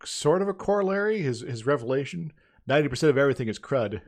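A man's voice: medium pitch, animated, quick pace, darkish tone. A man co-hosting a casual podcast, speaking hesitantly with frequent fillers and chuckles. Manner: hesitant, many uhs and restarts, chuckles often. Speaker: podcast co-host.

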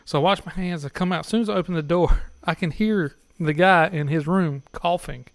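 A podcast guest tells crude stories in casual chat and keeps breaking into laughter as he talks. His voice sits a little high for a man, and it is recorded dry and close, with no room sound. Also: fairly quick, dry recording. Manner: laughs often while telling, crude humor.

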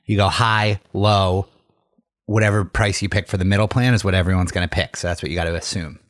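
A man's voice: sits low, fairly even intonation, brisk, no room sound, clean studio sound. A young man co-hosting a casual podcast, joking and swearing loosely. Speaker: podcast co-host. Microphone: studio mic.

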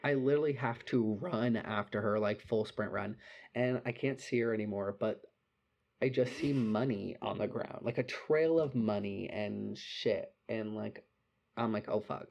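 Young adult man, animated casual storyteller, heavy filler and cursing, muffled recording. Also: lowish voice, a little slow, gravelly. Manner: animated, swearing, lots of "like".

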